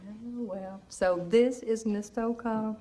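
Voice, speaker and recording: A woman's voice: on the high side, steady tone, unhurried, warm tone, a little hiss or hum, lightly acted. An actress playing a talkative, genteel middle-aged Southern mother in a film drama, with a Southern US accent and frequent laughs.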